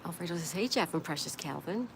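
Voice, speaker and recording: A woman with a low, gravelly voice hosts a relaxed livestream chat. She reads out viewer comments one after another and replies to each in a friendly, chatty way. Steady background noise runs under her voice. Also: quick pace. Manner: reads viewer comments aloud and answers them. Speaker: livestream host.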